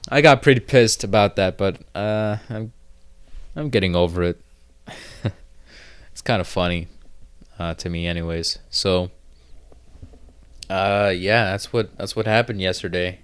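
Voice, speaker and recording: A man hosting his own podcast, talking in a slow, unhurried drawl with a lowish, smooth and clear voice. He rambles through a casual monologue, swears freely and fills his sentences with "uh" and restarts. The sound is close and dry, like a small room with no echo. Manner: rambling, profane storytelling with many fillers. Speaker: podcast host.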